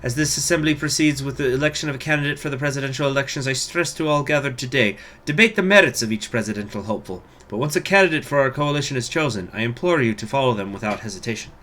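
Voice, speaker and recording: A man's voice: medium pitch, fast talker, few pauses, pushed and bright, lightly acted. A man putting on a grand Russian stateswoman. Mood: solemn. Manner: grandiose speechmaking with a wavering accent. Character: female Russian politician giving a speech.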